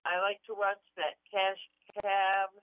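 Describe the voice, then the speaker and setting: An older woman calling in to a radio show, giving slow, brief answers. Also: mid-range voice, little pitch movement, no echo. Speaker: caller. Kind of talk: casual call-in chat. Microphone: telephone. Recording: tinny phone line.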